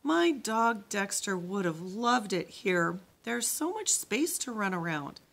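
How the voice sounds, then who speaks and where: A woman's voice: medium pitch, sing-song, slow pace, gravelly, fairly bright tone, exaggerated voice. Wistful, sighing storybook teacher, plain voice, read by a woman. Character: wistful adult male camp teacher.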